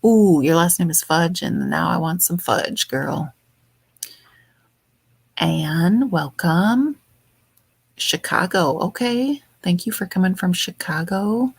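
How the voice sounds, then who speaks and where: Woman livestream host, soft and affectionate, slow and gravelly, dry close sound. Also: lowish voice, no echo. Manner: soft-spoken, affectionate, rambling. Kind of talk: casual chat greeting viewers. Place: home.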